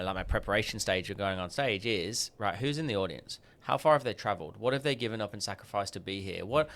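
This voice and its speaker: Animated Australian man, low voice. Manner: animated, acts out quoted dialogue with jumps in pitch. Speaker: guest, sales coach. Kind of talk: podcast interview storytelling.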